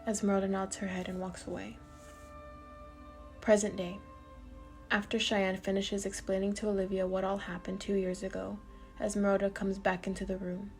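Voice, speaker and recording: A woman reading a story aloud in a plain, steady manner. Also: medium pitch, moderate pace. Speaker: audiobook reader. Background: faint music.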